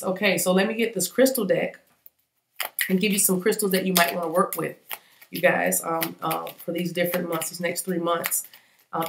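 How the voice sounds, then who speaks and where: A woman's voice: on the low side, echoey room. Woman giving an encouraging spiritual reading. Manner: warm encouraging, affirming, with fillers and restarts. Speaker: spiritual reader and channel host. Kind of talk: casual tarot-style reading to viewers.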